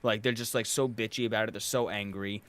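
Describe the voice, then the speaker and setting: A man's voice: on the low side, steady tone, fast talker, a bit bright. A young man hosting a podcast, telling a long exasperated story with sardonic asides and frequent swearing, worn out from work. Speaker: podcast host. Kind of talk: casual podcast rant.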